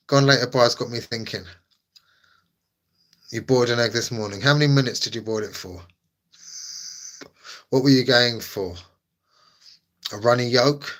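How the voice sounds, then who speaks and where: A man's voice: medium pitch, moderate pace, pauses often, fairly bright tone. A man streaming live, chatting casually with his viewers in a playful, teasing way that tips into mock drama.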